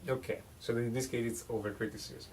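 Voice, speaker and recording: A man's voice: mid-range voice, steady tone, brisk, a little mellow, recorded from a distance, a little hiss or hum. A man teaching songwriting in a casual one-on-one lesson, joking and often restarting his phrases.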